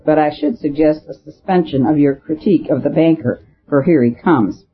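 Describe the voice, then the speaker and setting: Reader doing italian courier, male, grave and boastful, husky, lo-fi phone sound. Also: mid-range voice, normal speed, close to an everyday voice. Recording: tinny phone-like audio.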